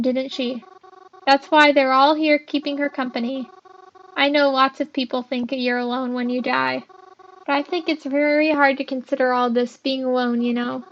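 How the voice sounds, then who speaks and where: A girl reading a visual novel aloud and voicing its gentle heroine in a soothing way. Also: sits high, highs cut off. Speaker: video game player.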